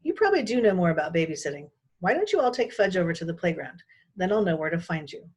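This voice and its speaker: A woman's voice: lowish voice, sing-song, fast, a little mellow, breathy edge. A woman voicing a harried young mother, anxious and coaxing.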